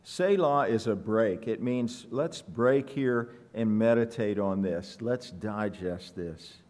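A pastor giving a conversational teaching sermon to his congregation in church, reading scripture slowly and putting questions to the room with a self-deprecating humor. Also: lowish voice, a little mellow.

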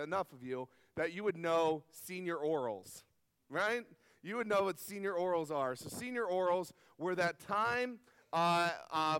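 A man's voice: high-pitched, fairly bright tone, clean tone, no echo, in a large hall. A man preaching a sermon to a live audience, telling a personal story earnestly and asking the listeners questions. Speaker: pastor. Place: camp meeting hall.

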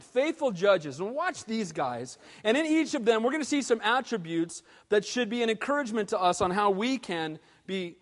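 Pastor guy preaching, high voice, goes loud then real quiet, long echo in the church. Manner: animated preaching, swinging from loud to hushed. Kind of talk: sermon. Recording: long hall reverb.

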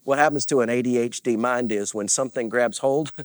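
A man's voice: mid-range voice, a little fast, dry recording. A man preaching as a pastor, earnest and confessional, with repeated phrases and rising bursts of emphasis. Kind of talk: sermon.

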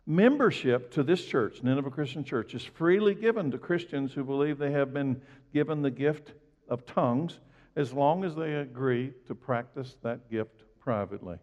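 A male pastor giving a conversational sermon, telling stories and rising and falling sharply as he preaches. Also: moderate pace. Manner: conversational, storytelling preacher with big swings in pitch and loudness. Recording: dull recording with long hall reverb.

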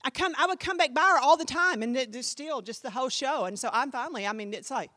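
A woman pastor teaching a class, telling a story in an animated, emphatic, chatty way full of fillers. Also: sits high, quick pace, no room sound, clean studio sound.

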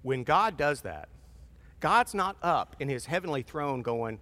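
Lively conversational man preaching in a hall. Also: medium pitch, unhurried. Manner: animated, conversational preaching with acted-out voices. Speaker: pastor. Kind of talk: sermon. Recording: long reverb of a large hall.

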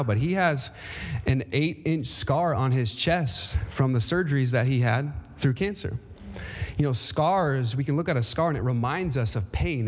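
A man in his thirties preaching a sermon as pastor, with emphatic rises and folksy asides to the congregation. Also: mid-range voice. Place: church sanctuary. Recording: long hall reverb.

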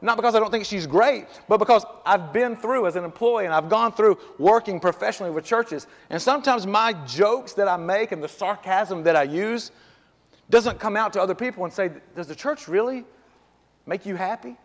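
A man's voice: high voice, a little fast, long reverb tail. A man pastor preaching a sermon in a church, talking conversationally and piling up rhetorical questions. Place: church sanctuary.

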